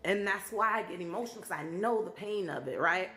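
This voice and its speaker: A woman's voice: medium pitch, a little fast, bright, forceful tone, echoey room, soft background music. A woman in her thirties who hosts a live stream, talking casually to her viewers and sharing her testimony in an emotional, motivational way. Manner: emotional, testimony-style, talks to viewers directly. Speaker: live stream host and speaker.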